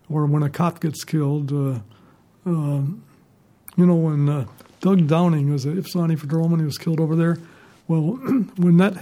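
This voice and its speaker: Older male ex-reporter, mellow and fairly high, chuckling raconteur. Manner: rambling, chuckling anecdotes. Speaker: retired newspaper reporter. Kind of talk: storytelling in an interview.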